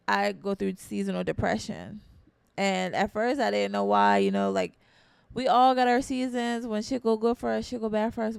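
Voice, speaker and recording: Gravelly young woman, earnest casual talk. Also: medium pitch, a little mellow, dry recording. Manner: earnest, conversational, slangy, repeats key points. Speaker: podcast host.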